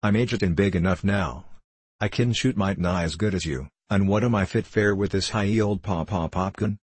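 A man's voice: low-pitched, darkish tone, slightly rough, dry recording. A man doing a frail Appalachian mountain boy. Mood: pleading. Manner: drawling dialect, quick to anger. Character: frail teenage mountain boy, excitable and resentful.

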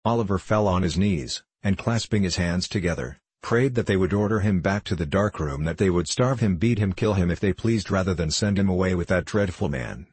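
A man narrating a classic novel as an audiobook, in a measured, even reading. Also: deep voice, breathy edge, dry recording.

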